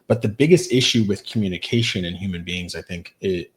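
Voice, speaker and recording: A man who co-founded a youth program, explaining ideas as a guest in an animated way with lots of "like" asides. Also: sits low, brisk, hardly any pauses. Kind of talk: podcast interview.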